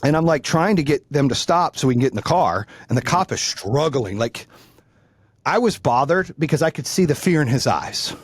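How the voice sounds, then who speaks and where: A man's voice: a little high, lively intonation, moderate pace, dry recording, studio quality. A man hosting a podcast, telling a story in a blunt, profane way that grows heated. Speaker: podcast host. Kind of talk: casual storytelling.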